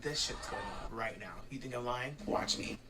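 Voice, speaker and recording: Brief: young male vlogger, campy and animated, reacting to his old clips, faint hiss behind. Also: medium pitch, moderate pace. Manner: animated, campy, swears freely. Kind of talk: casual reaction chat.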